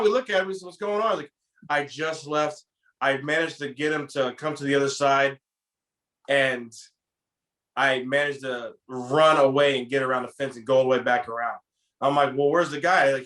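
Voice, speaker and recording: Animated storytelling man with a bright voice. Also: medium pitch, moderate pace. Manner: animated, acts out quoted lines. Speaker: podcast co-host telling a story. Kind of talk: casual storytelling.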